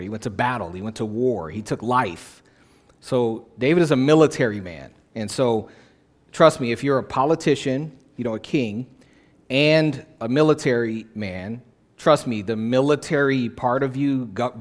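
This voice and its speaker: A male pastor preaching a sermon in a conversational way, repeating phrases for emphasis. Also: medium pitch.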